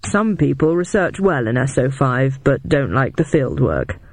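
A narrator voicing a calm, guarded middle-aged male agent who speaks slowly and quietly. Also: medium pitch, gravelly, dry recording, exaggerated voice. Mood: candid. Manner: slow, hushed, measured.

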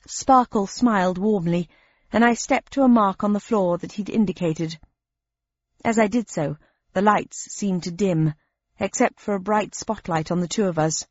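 Woman, audiobook narrator, expressive first-person reading, dull lo-fi tone. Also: lowish voice, moderate pace, no echo.

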